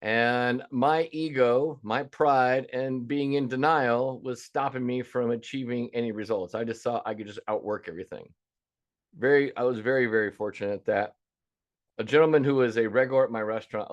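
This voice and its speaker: A man's voice: medium pitch, brisk, highs cut off. A man in his fifties teaching a webinar as a restaurant business coach, folksy and emphatic, acting out the calls he gets. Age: 50s. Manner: folksy, emphatic, acts out quoted callers.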